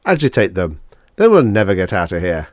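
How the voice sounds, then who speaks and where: A man's voice: sits low, sing-song, a little fast, a little mellow, no room sound. A man voicing a thin, dry, sarcastic male space salvager.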